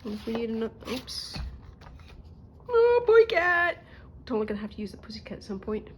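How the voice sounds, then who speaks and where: A woman's voice: medium pitch, level tone, racing, darkish tone, a little hiss or hum. A woman chatting casually to her viewers while she crafts, thinking aloud and joking about herself. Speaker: crafting vlogger. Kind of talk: casual crafting chat to camera.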